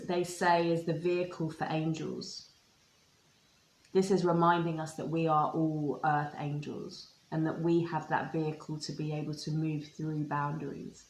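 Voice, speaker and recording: Brief: woman, livestream card reader, gushing and spiritual, lowish voice, echoey room. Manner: gushing, spiritual, talks to viewers by name. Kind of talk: live card unboxing and reading.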